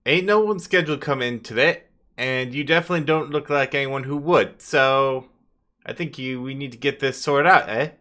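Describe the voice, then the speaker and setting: A cocky winged hellhound guard barks at intruders in a loud, bright, working-class Cockney-like twang, as a game master puts him on. His pitch jumps above his speaker's usual voice. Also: normal speed, close to an everyday voice. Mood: gruff. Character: brash male winged hellhound gate guard.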